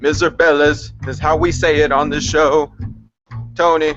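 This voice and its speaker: A man's voice: a little high, a little slow, soft background music. A man hosting a podcast, joking around in casual banter. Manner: joking, loud bursts of excitement. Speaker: podcast host. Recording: dull lo-fi podcast audio.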